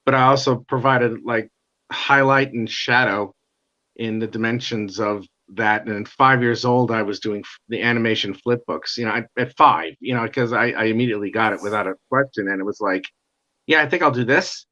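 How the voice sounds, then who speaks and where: A middle-aged man telling his life story in a casual interview, animated and acting out the voices of others. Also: on the low side, moderate pace. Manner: animated, acts out quoted dialogue. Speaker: guest comic artist. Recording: dull lo-fi sound.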